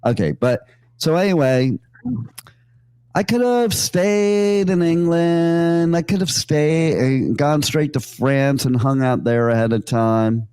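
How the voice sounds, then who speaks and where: A man's voice: a little high, slow, darkish tone, clean tone, dry recording. A man hosting a radio show, telling loose, joking stories with many fillers and asides. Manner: rambling, jokey, full of fillers and asides. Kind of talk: casual on-air storytelling. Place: radio studio.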